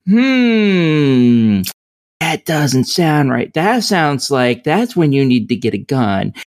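A woman's voice: low voice, big pitch swings, slow, darkish tone. A woman co-hosting a podcast, reviewing a video game in casual chat with a rambling, profane, sardonic way of talking.

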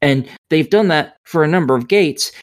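A woman's voice: sits low, expressive, normal speed. A woman co-hosting a podcast, reviewing a video game in casual chat with a rambling, profane, sardonic way of talking.

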